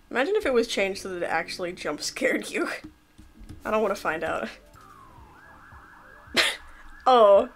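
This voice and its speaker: A woman casually commentating a game she is playing, excitable and jokey, laughing often and yelping when things go wrong. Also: medium pitch. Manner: excitable, laughing, swearing, yelps in panic. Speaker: gameplay commentator. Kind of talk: casual let's-play commentary.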